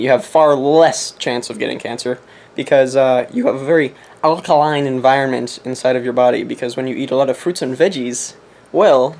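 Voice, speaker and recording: A young man vlogging from his apartment, joking in a deliberately ridiculous put-on accent and sermonizing in mock-serious fashion. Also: mid-range voice, darkish tone. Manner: jokey, mock-preachy, laughs at himself. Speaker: competitive game player vlogging. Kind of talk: casual comedic monologue.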